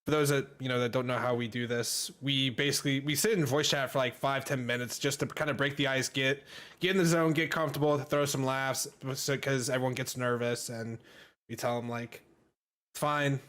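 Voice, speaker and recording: Male streamer for casual reaction commentary: loose, rambling, average pitch. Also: fairly even intonation, a little fast, fairly bright tone. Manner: rambling, laid-back, sprinkled with fillers. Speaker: streamer reacting to his own podcast.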